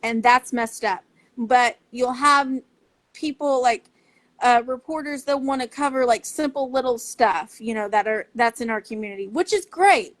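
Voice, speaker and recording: A woman's voice: on the high side, moderate pace, a bit bright. A woman speaking earnestly and passionately as a parent advocate in a casual talk to camera. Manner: earnest, impassioned, heartfelt.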